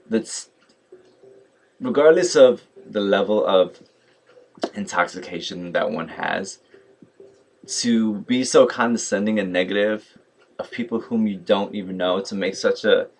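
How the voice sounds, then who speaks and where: Man telling a story low voice, chatty vlogger. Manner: animated, mimics others in quotes, many fillers like "like" and "yo". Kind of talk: casual storytelling rant.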